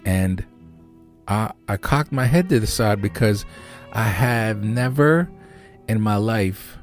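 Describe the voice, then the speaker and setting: A man hosting a podcast, telling a rambling, profane story in a casual, animated way. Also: lowish voice. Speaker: podcast host.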